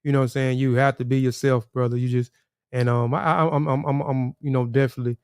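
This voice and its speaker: A man's voice: medium pitch, level tone, quick pace, a little mellow, clear, resonant tone, no room sound, studio quality. A man hosting a casual livestream, rambling, repeating words and talking to viewers in the chat. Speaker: livestream host.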